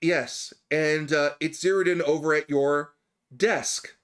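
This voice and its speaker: A man voicing a stern, suspicious woman library patron, flat and matter-of-fact. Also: a little high, takes it slowly. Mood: deadpan.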